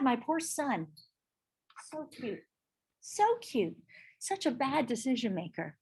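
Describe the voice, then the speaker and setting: A middle-aged woman teaching a live real estate sales class, animated and often checking in with her listeners. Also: high-pitched, slightly rough. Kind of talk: live training talk to a class.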